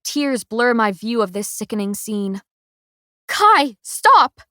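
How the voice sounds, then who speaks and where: A woman narrating a first-person audiobook in a measured, emotional way. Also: medium pitch, steady tone, clear, resonant tone, no room sound, clean studio sound.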